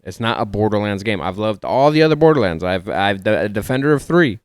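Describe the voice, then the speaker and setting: A man's voice: fairly low pitch, expressive, brisk, clear, resonant tone, no echo, studio quality. A man from Texas with a Texas accent, co-hosting a casual podcast and talking animatedly, often tripping over his words. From Dallas, Texas. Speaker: podcast co-host. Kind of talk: casual chat.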